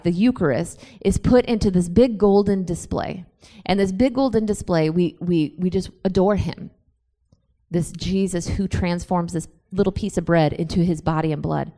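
A young adult woman giving a personal faith testimony to a young audience, moving from quiet storytelling into impassioned, rising preaching. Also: lowish voice, moderate pace. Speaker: speaker at a youth church event.

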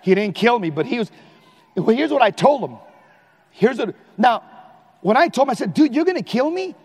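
A man giving a live Catholic preaching talk in a large hall, animated and emphatic, sometimes shouting. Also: very high-pitched, moderate pace, husky. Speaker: Catholic lay speaker.

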